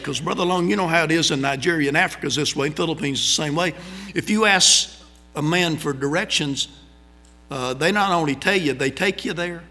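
Folksy preacher telling stories. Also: male voice, on the high side. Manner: folksy, conversational, animated storytelling. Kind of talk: storytelling sermon. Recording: long hall reverb.

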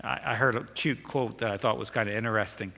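A man's voice: on the low side, fairly even intonation, quick pace, vocal fry, bright, forceful tone, long reverb tail. A man preaching a sermon as pastor, earnest and repeating phrases for emphasis, in a church sanctuary.

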